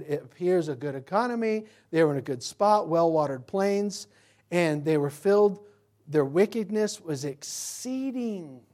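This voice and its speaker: A man pastor preaching a sermon emphatically, asking rhetorical questions and swinging between loud and quiet delivery. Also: high voice.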